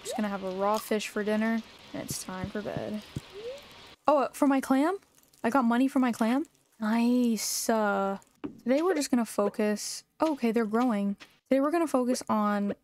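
A woman's voice: medium pitch, a little mellow, a little hiss or hum. Exasperated young woman gaming streamer. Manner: exasperated, jokey, talks back to the game. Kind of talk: casual let's-play commentary.

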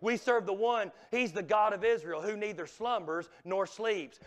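A man preaching a revival sermon in a church, swinging from loud exhortation to hushed, near-whispered lines. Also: high-pitched, normal speed, hardly any pauses. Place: church sanctuary.

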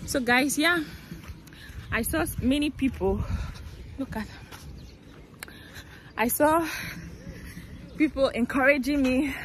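Young woman, casual phone vlog outdoors, higher-pitched, bashful and giggly, street traffic clearly in the background. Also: takes it slowly, pauses often. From Cameroon. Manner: chatty, self-conscious, laughs often. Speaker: vlogger. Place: busy city street outdoors. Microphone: phone held while walking. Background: cars and motorbikes passing.

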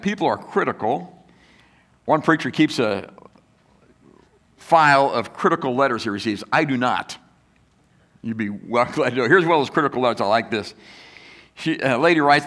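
Guy pastor giving a sermon, bright clear voice, talks to the crowd like a chat, does little critic voices. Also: mid-range voice, expressive, fairly quick. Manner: conversational preaching with rhetorical questions to the congregation; acts out critics' voices in quotes.

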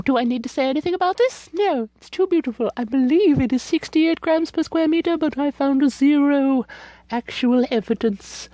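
A young woman reviewing ink and paper in a casual, gushing and playful way, sometimes dropping into hushed whispers. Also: on the high side, no echo, rough recording.

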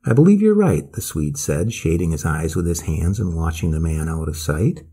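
A man narrating a classic story as an audiobook, measured and expressive, with a husky voice. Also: very deep voice.

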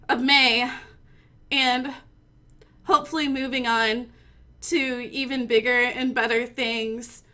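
Giggly, bright-voiced woman streamer. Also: on the high side. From Missouri. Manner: gushing, giggly, mock-tearful. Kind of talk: mock acceptance speech.

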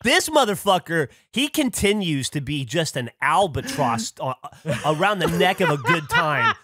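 Animated swearing man on a podcast. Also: on the high side, measured pace, no room sound, studio quality. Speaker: podcast co-host. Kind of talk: casual chat.

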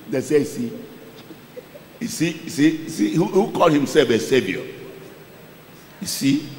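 A male pastor preaching a sermon, calling out Bible verses for a reader to read and repeating them, with loud exclamations and quiet asides. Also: lively intonation, moderate pace. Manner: dramatic, swings from loud exclamations to low asides. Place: church hall. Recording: echoey church hall.

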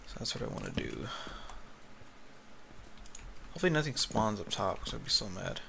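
A man with a gravelly, fry-laden voice talks himself through a Minecraft session, rambling and yawning between tasks. His headset mic picks up clear background noise and the clatter of keyboard typing. It sounds like a home gaming setup. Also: lowish voice, wildly swooping pitch, moderate pace, sharp tone. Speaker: gaming YouTuber. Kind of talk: casual Minecraft commentary. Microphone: headphones with a mic. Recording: noisy home recording with keyboard clicks. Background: keyboard typing and clicks.

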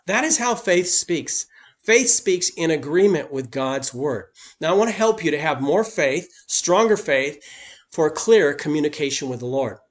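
Man, pastor, sermon, emphatic preaching, slightly high voice. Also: expressive, measured pace. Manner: emphatic preaching, voice lifting on key points.

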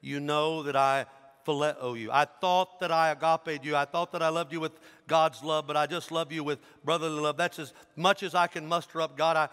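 The apostle Peter, a grown man pleading and insisting in an emphatic voice, as a preacher acts him out in his sermon. The voice is bright and sharp. A long church-hall reverb trails behind every word. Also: sits high, a little slow, pauses often, clear, resonant tone, voice pushed up. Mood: remorseful.

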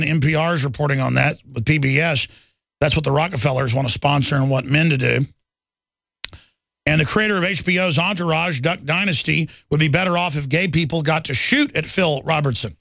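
A middle-aged man hosts a talk radio show in an indignant, rambling monologue, stumbling over repeated words as he pushes on. His voice sits a little high with a gravelly edge. The studio microphone sounds close and dry. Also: fairly quick, fairly bright tone, no echo.

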